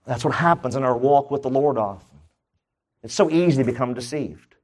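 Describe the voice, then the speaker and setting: A man's voice: medium pitch, a little fast. Guy pastor preaching, fun and chatty, keeps quizzing the church. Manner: lively, jokey preaching with questions to the congregation. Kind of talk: sermon.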